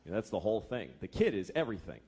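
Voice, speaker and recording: A man's voice: fairly low pitch, sing-song, very fast, dark tone, breathy edge. A man in his thirties doing a profane, exasperated stand-up routine, acting out voices. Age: 30s. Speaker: stand-up comedian. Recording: noisy live club recording.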